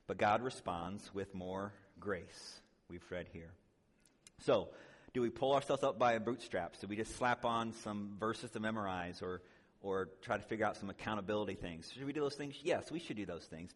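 An earnest man teaches in a conversational sermon style, now and then acting out the voices of the people he quotes. His voice sits fairly low, and it rings with a long reverb as if he were in a large hall. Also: moderate pace. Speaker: speaker at a church conference.

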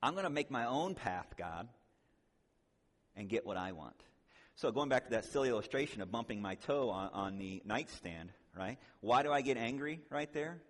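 A man's voice: medium pitch, lively intonation, moderate pace. A man giving an earnest, conversational sermon-style teaching on counseling, now and then acting out the voices of the people he quotes. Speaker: speaker at a church conference. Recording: long hall reverb.

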